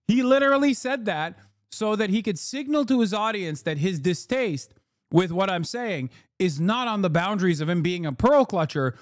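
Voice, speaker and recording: A man's voice: sits high, no room sound, studio quality. A man reacting on a live stream, arguing with a clip and joking with his chat in a heated, profane way.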